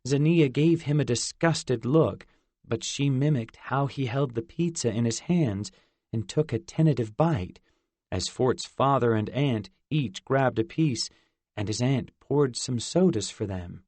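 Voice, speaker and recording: A man narrating a novel in an even storytelling manner. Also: medium pitch, measured pace, no room sound. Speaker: audiobook narrator. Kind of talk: scripted narration.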